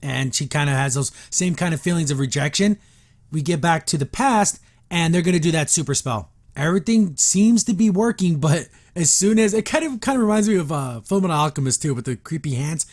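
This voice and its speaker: A man's voice: a little high, animated, fairly quick, a little mellow. A man hosting a review podcast, casually retelling a cartoon episode and briefly acting out the characters' lines. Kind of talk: casual recap and reaction.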